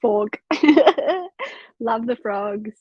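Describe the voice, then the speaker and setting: A woman's voice: on the high side, expressive, very slow, a little mellow, husky, no room sound, dull audio. A young woman hosting a casual reading livestream from home, chatting loosely, swearing freely and reading out chat comments. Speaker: livestream host of a reading sprint.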